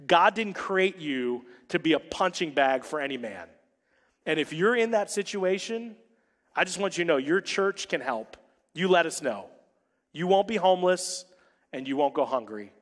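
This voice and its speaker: A pastor in his forties preaching a sermon, with punchy lines, joking asides and sudden soft drops. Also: on the high side, expressive, moderate pace. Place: church sanctuary. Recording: long hall reverb.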